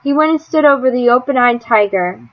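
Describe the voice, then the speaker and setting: A woman reads a storybook aloud in a measured, expressive voice. Her pitch sits high. The recording sounds a bit dull and muffled. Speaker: audiobook reader. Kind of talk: storybook narration.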